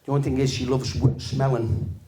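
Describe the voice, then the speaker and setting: Man, 50s, stand-up comic, relaxed deadpan delivery, sweary. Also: medium pitch, fairly quick. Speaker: stand-up comedian. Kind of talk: stand-up comedy set. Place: live comedy venue with audience.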